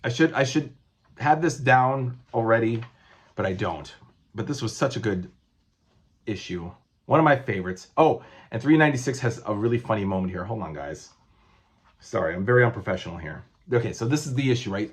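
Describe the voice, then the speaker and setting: A man in his forties with a lowish voice talks about comic collecting on his vlog. His casual chat wanders, full of fillers and self-corrections.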